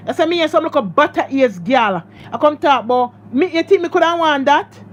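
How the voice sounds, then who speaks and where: High-voiced Jamaican woman venting to viewers. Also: lively intonation, fairly quick, hardly any pauses, highs cut off. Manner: emphatic and repetitive, addressing viewers directly. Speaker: vlogger. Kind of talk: emotional storytime vlog.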